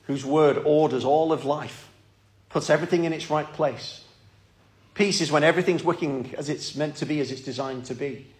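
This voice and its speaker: A man's voice: fairly high pitch, a little mellow. A man preaching a sermon in a church, earnest and pleading, often repeating his words.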